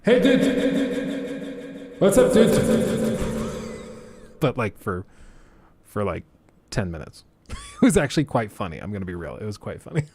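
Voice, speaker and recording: A man's voice: on the low side, sing-song, brisk, long pauses. A man chatting casually on a live stream, rambling loosely and slipping into impressions of others.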